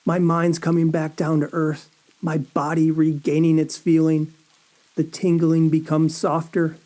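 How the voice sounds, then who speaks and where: A man reads a first-person horror story at an unhurried, drawn-out pace. His voice is mellow and warm, and his delivery is a dazed, anxious inner monologue full of halting questions. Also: fairly high pitch, completely flat delivery.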